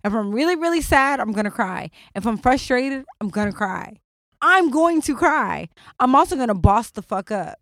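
A young woman co-hosting a podcast, telling stories in a blunt, profane and animated casual chat. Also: fairly high pitch, brisk, few pauses, dry recording, clean studio sound. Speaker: podcast co-host.

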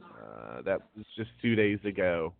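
A low-voiced man with big pitch swings and vocal fry speaks a little slowly while hosting a casual wrestling news talk show. He reads lengthy name lists without hurry and with many ums. Slight background noise accompanies the tinny phone-line audio.

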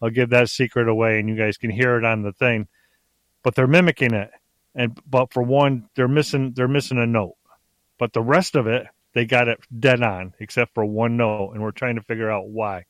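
A middle-aged man telling stories as a podcast guest in a rambling, excitable way, often restarting his sentences. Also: mid-range voice, normal speed, no echo. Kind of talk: casual storytelling on a podcast.

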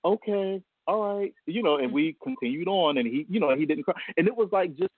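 A man's voice: on the high side, animated, fast talker, breathy edge, no room sound. Male guest, heartfelt storyteller, laughs through it, dry tinny phone line. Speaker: guest, a father. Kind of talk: casual radio interview.

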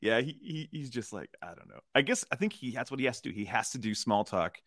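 A man co-hosting a casual film discussion podcast, rambling and animated, acting out lines from scenes. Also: medium pitch, fast talker, dry recording, studio quality. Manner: rambling, animated, acts out character lines in funny voices. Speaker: podcast co-host.

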